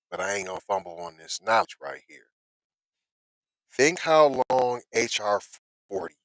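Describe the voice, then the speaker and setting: A man casually commenting on news he reads aloud, slangy and animated, with excited outbursts, on a close mic in a dry small room. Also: lowish voice, no echo, low-quality recording.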